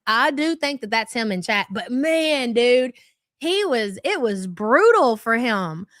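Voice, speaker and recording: A woman's voice: on the high side, very animated, takes it slowly, a bit bright, no room sound, studio quality. Chatty, gossipy woman streaming from home. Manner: chatty, gossipy, reads viewer comments aloud. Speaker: live-stream commentary host. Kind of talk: casual live-stream commentary.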